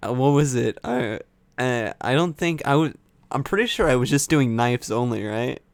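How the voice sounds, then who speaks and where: A man's voice: mid-range voice, lively intonation, normal speed, vocal fry, no echo. A young man co-hosting a casual podcast, a laughing, foul-mouthed trash-talker looking back on old gaming days. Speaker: podcast co-host. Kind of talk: casual chat.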